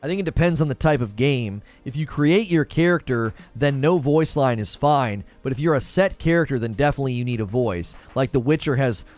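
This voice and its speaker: Male gaming livestream host, casual and opinionated, lively pitch, faint music bed. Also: brisk, few pauses. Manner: animated, opinionated, thinks aloud; briefly mimics cartoon voices in a high falsetto. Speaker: gaming news host reading live chat.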